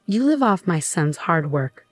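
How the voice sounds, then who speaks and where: A woman's voice: fairly low pitch, very animated, a little slow, dry recording, soft background music. A woman voicing a harsh, bossy older mother-in-law in a storybook narration, speaking in a scolding, commanding way.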